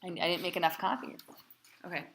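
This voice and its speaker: A woman's voice: fairly low pitch, steady tone, fast, vocal fry, noisy background. A female cantor teaching a class, quizzing and encouraging her students in a chatty way.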